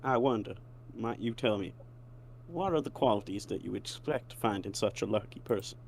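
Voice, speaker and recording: A man's voice: lowish voice, expressive, moderate pace, darkish tone, breathy edge. A man putting on a Southern accent to voice a folksy, ambitious elderly chicken tycoon in a dating game, in courtly, old-fashioned phrasing. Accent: put-on American Southern. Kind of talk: voice acting a dating game character.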